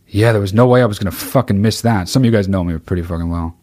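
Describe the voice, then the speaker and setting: Low-voiced man hosting a podcast, blunt and profane, rambling chat. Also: brisk, hardly any pauses, a little mellow. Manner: swears constantly, rambling and blunt. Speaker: podcast host. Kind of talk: casual chat answering listener questions.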